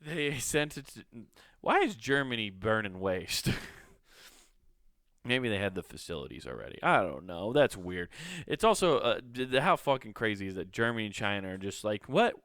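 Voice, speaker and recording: A man's voice: lowish voice, very animated, normal speed, fairly bright tone, smooth, dry recording, clean studio sound. Profane rambling male comedy podcaster. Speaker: podcast host. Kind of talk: solo comedy podcast rant.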